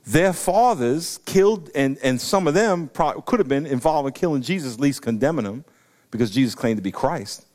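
A middle-aged man, preaching an animated sermon that breaks into loud emphatic bursts. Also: medium pitch, normal speed. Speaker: pastor.

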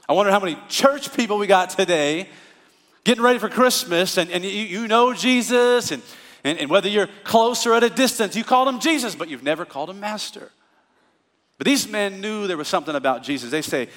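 A man's voice: high voice, animated, a little fast, a bit bright. Man preaching in a reverberant church. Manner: conversational preaching with rising emphatic bursts. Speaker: pastor. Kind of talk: sermon.

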